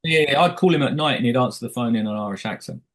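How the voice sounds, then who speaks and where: A middle-aged man talks at an ordinary pitch in a loose, rambling way. He keeps restarting his sentences and acts out short quoted asides as he tells behind-the-scenes stories in an interview. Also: racing, rough recording. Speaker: film director. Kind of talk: casual interview chat.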